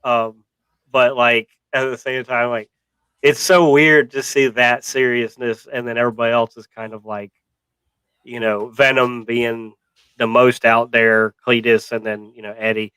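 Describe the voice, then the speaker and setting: Bright, crisp-voiced man rambling about a film. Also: medium pitch, flat delivery, measured pace, dry recording, poor audio. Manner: rambling, many fillers and restarts, wry. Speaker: podcast co-host. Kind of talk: casual movie review chat.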